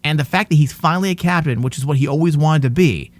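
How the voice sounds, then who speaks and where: A man's voice: fairly high pitch, fast talker, dry recording. A man co-hosting a casual TV review podcast, ranting in exasperation and swearing now and then. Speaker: podcast co-host.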